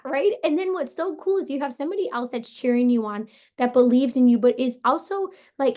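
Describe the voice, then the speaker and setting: Hoarse, upbeat woman coaching her team. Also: high voice, brisk, a little mellow. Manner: upbeat, casual, says "like" and "you guys" a lot. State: hoarse, voice partly lost. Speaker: team leader coaching sellers. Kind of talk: motivational team call.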